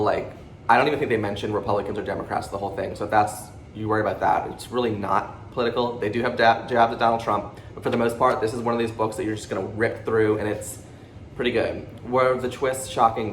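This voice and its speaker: A man hosting his own book channel, talking fast and excitably through a casual monthly reading wrap-up, jittery from a pre-workout drink and swearing freely. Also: on the low side. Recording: roomy echo with faint background noise.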